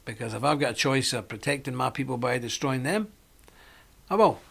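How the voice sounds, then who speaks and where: A man's voice: medium pitch, animated, brisk, gravelly, fairly bright tone, slightly rough. A middle-aged man hosting a live-stream monologue, talking in a rambling, chatty way with frequent laughs. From Britain. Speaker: host.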